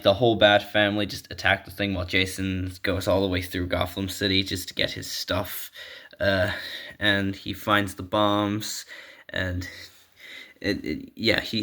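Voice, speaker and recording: A man's voice: deep voice, fairly bright tone. A man casually retelling a comic story, rambling with lots of fillers and small laughs. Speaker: comic recap vlogger.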